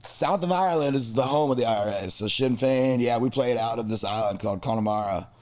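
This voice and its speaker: An American musician telling crude, comic stories from his travels in a relaxed podcast chat. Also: medium pitch, fast talker. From United States. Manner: animated, crude, comic storytelling. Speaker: musician guest. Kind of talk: storytelling in a casual podcast chat.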